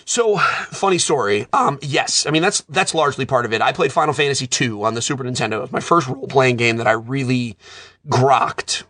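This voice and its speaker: Man, 30s, animated casual storyteller; bright tone. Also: mid-range voice, fairly quick, no echo. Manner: animated storyteller, self-described nerd. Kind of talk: casual chat.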